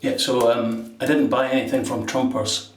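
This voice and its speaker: A man's voice: medium pitch, fairly even intonation, normal speed, recorded from a distance, a little hiss or hum. A man with a London accent chatting casually while he shaves, rambling through an anecdote with the odd laugh. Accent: London English. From England. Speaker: shaving vlogger. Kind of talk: casual talk while shaving. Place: bathroom at a sink with running water. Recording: echoey bathroom, voice off-mic. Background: running tap water and splashing.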